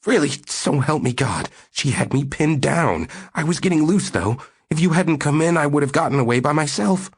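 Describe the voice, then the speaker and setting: A man's voice: fairly high pitch, animated, normal speed, hardly any pauses, husky, pitched above the performer's own voice. A man voicing a panicked husband who pleads in a plaintive, whining tone. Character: whiny panicked middle-aged husband.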